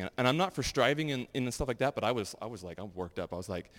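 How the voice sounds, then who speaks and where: A man giving a sermon and sharing personal testimonies in a loose, animated, conversational way full of fillers. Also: on the low side, quick pace, hardly any pauses. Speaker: pastor. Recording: long hall reverb.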